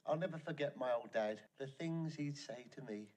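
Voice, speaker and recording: An actor playing a cheeky, wisecracking male servant in a 1970s comedy film, with quick, impish comic delivery. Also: mid-range voice, darkish tone, close to an everyday voice. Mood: nostalgic.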